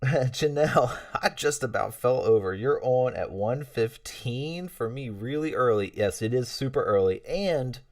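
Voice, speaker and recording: On a laid-back livestream, a host reads viewer messages and rambles warmly, chuckling and leaning on fillers. His voice is lowish, and the dry studio-quality recording was made far from the mic.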